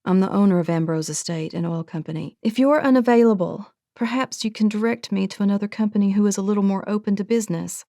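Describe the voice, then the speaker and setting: A woman voicing a demanding, feisty young woman who owns an oil ranch, speaking in a brisk, clipped, insistent way. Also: mid-range voice, warm tone, no room sound, studio quality, close to an everyday voice. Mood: urgent.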